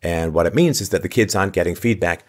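A man with a low, deep voice rants through a commentary monologue, firing off incredulous rhetorical questions. His delivery is sarcastic and punctuated by weary sighs. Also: fast, a little mellow. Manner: sighs often. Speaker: podcast host.

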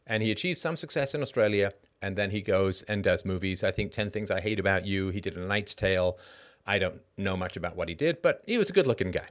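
A middle-aged man hosting a casual solo monologue, animated and rhetorical, with short laughs and frequent asides of "right?". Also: deep voice, fast talker. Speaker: podcast host.

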